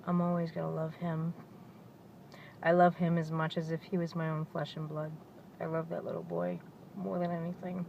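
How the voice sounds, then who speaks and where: A woman's voice: low-pitched, moderate pace, gravelly. A woman talking in a personal video diary, speaking in a heartfelt way as she fights back tears. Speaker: vlogger. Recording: dull lo-fi audio with loud vehicle noise.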